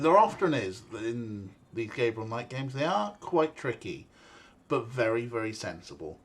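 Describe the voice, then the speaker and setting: A man's voice: medium pitch, very animated, measured pace. A man streaming a game, chatting casually and rambling, with frequent fillers and the odd swear word. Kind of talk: casual livestream chat.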